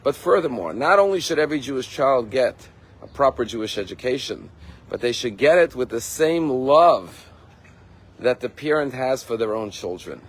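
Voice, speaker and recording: A rabbi giving a sermon, telling a story in an earnest, emphatic way. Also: male voice, mid-range voice, expressive, moderate pace, slightly rough, rough recording. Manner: earnest, emphatic, acts out quotes.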